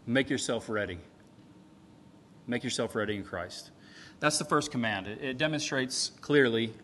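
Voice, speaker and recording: A man preaching a sermon in a conversational way, often checking in with "right?" and swinging between loud and soft. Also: medium pitch, slight background noise. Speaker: pastor. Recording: long hall reverb.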